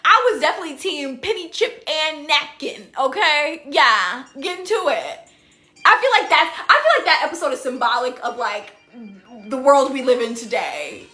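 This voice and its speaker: A woman's voice: high-pitched, very animated, moderate pace, bright, forceful tone, faint music behind. A young woman hosting a casual live stream from indoors, reading viewer comments into her phone, laughing often and acting out cartoon quotes in silly voices. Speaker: TikTok live host.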